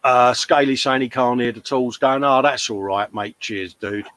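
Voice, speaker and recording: A man's voice: mid-range voice, normal speed, a bit bright, dry recording, low-quality recording. A man co-hosting a hobby livestream, casually chatting and reading out viewer comments, calling everyone mate. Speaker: livestream co-host.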